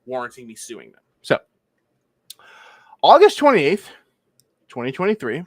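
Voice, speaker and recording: Animated Pennsylvania-born streamer man. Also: mid-range voice, dry recording. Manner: walks through a legal filing, skips boilerplate with "blah, blah". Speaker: livestream host. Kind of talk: casual livestream commentary.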